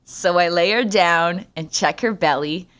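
A woman's voice: on the low side, measured pace, fairly bright tone. A young adult woman from Canada hosting a solo podcast, talking in a sarcastic, jokey way and swearing freely. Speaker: podcast host.

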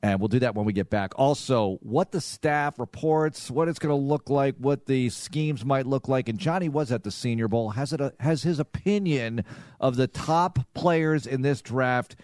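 A man's voice: medium pitch, normal speed, a little mellow, no room sound. A male sports radio host talks in an easy, conversational way, moving between football talk and contest details. His voice sits in the middle range, and the studio sound is close and dry. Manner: conversational, runs promos and questions. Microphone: studio microphone.

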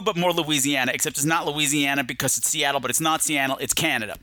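Brief: male podcast host, bright, animated, playful film chat. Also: fairly high pitch, fast talker, dry recording. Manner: playful and digressive, slipping into silly voices. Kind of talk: casual film review chat.

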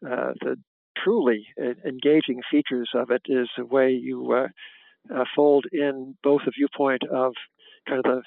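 Host, male, gravelly voice, halting with fillers, dry wit, dry phone-line sound. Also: medium pitch, no room sound. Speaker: podcast host. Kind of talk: conversational interview.

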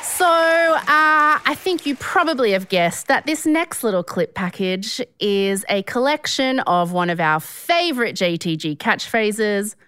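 A woman's voice: medium pitch, lively intonation, unhurried, few pauses, sharp tone, clean tone, no room sound. A woman with an Australian accent co-hosting a podcast in playful casual chat, laughing often. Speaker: podcast co-host.

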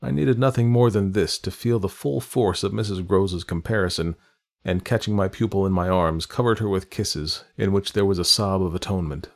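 A man narrating a classic novel in a measured, literary reading style. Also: low voice, vocal fry. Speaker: audiobook narrator.

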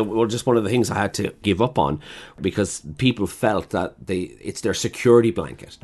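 A man's voice: on the low side, darkish tone. A man who runs restaurants, telling blunt, profane stories about customers in a casual conversation, acting out their lines. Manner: blunt storyteller who swears freely and acts out customers. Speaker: chef and restaurant owner.

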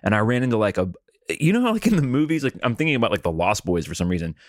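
A man's voice: medium pitch, sing-song, rapid-fire, dry recording, studio quality. A man hosting a casual comedy podcast and telling rambling stories in a laid-back way. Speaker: podcast host.

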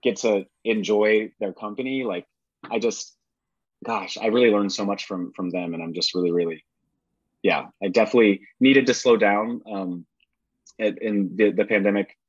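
A man in his thirties, a podcast guest, talking in a halting way with many restarts. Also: on the low side, fairly even intonation, husky, no echo, highs cut off. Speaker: podcast guest, actor and author. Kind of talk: casual chat.

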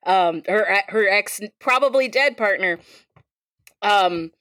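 A woman's voice: medium pitch, expressive, slow, a bit bright, dry recording. A woman playing a tabletop game, talking in a loose, filler-heavy way and laughing often. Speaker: player. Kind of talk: casual tabletop game play.

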